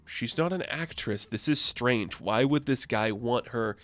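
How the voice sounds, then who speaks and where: A man's voice: medium pitch, unhurried, fairly bright tone, dry recording, natural voice. A man doing a chirpy young assistant woman.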